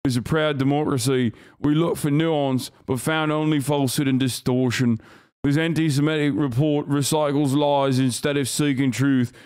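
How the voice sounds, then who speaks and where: A stiff, pompous British spokesman, as a man puts him on, reads out an official statement. The delivery is formal, measured and declamatory. The tone is a little fuller than the performer's usual voice. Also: mid-range voice, steady tone, darkish tone, clear, resonant tone, lightly acted. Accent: put-on British.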